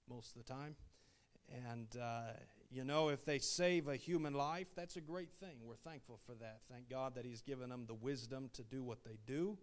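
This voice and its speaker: A man preaching a sermon as a missionary, folksy and full of "uh" fillers, his voice rising into loud calls of "Amen". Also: mid-range voice.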